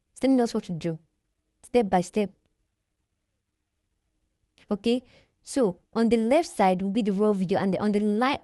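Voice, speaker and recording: Woman, mellow voice, chatty screen-share tutorial, reads text aloud and explains it, dry close recording. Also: on the high side, no echo. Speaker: tutorial creator.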